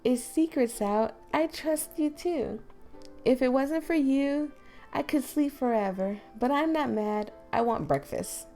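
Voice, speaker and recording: A bubbly, scatterbrained teen girl from a visual novel chirps along in a high, drawn-out voice, as a woman acts her out. Her words come slow and a faint gravelly fry runs under them. Soft music plays faintly behind. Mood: cheerful. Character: bubbly clumsy teen girl, cheerful and sweet.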